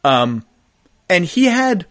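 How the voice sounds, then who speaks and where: Man hosting a podcast, eager and higher-pitched. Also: sing-song, slow, a bit bright. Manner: eager, rambling questions with restarts. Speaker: podcast host. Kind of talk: casual interview.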